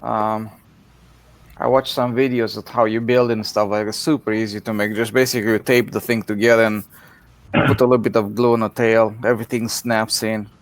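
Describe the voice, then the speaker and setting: A man taking part in a casual hobby video call, speaking hesitantly with many pauses and fillers. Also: lowish voice, little pitch movement, no room sound. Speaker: participant in a hobby video hangout.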